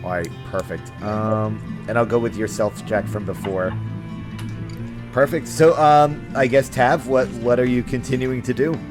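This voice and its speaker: A man narrating a tabletop game as game master, with halting speech and plenty of fillers. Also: medium pitch, steady tone. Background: music.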